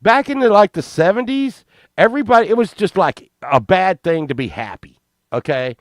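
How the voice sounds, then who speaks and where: A man in his fifties telling a rambling, profane childhood story, excitable and often laughing. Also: high voice, normal speed, no room sound, studio quality. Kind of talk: casual anecdote telling.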